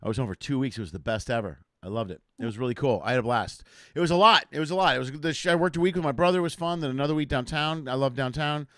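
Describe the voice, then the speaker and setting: A man's voice: medium pitch, rapid-fire, few pauses, fairly bright tone, no room sound, studio quality. A man from the area, a comedian hosting a casual live chat show and rambling jokily. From Chicago area. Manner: rambling, jokey, self-deprecating.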